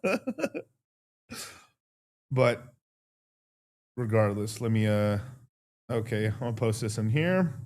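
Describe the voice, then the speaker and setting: A man's voice: on the low side, lively intonation, slow pace, long pauses, darkish tone. A man hosting a casual livestream, talking in a profane, rambling way and laughing often. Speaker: host.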